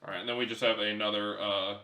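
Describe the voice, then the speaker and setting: Man, enthusiastic, casual chat, bright tone, echoey room. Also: lowish voice, flat delivery, fast, a little hiss or hum. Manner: enthusiastic, repeats himself often. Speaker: co-host reviewing miniatures.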